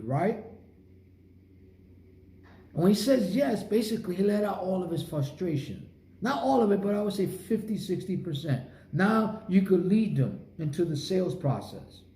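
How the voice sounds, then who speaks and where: A man's voice: sits high, dark tone. A man giving a motivational sales coaching talk, emphatic and punchy, with short repeated phrases. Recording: roomy echo.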